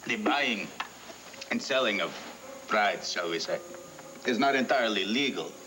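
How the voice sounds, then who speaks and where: An actor playing a sly, smooth-talking man who brokers bride auctions, in a 1980s TV soap. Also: on the low side, animated, unhurried, low-quality recording. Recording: TV soundtrack with music underneath.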